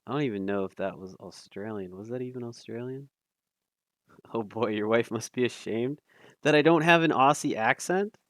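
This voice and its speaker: A man casually commentating a live stream, thinking aloud with fillers, self-deprecating and quick to laugh. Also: medium pitch, fairly bright tone, dry recording, clean studio sound.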